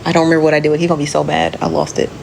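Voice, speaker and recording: Casual host, female, low pitch, loose profane chatter, light background hiss. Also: completely flat delivery, rapid-fire, creaky, darkish tone. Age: adult. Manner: chatty, profane, laughs often, talks straight to viewers as "friend". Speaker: live show host reading viewer comments. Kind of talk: casual chat.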